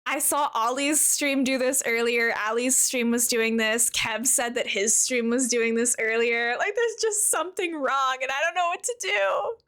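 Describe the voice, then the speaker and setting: A woman game streamer chatting casually with viewers while she plays, chatty and quick to giggle. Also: sits high, steady tone, fairly bright tone. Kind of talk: casual live-stream chat while playing.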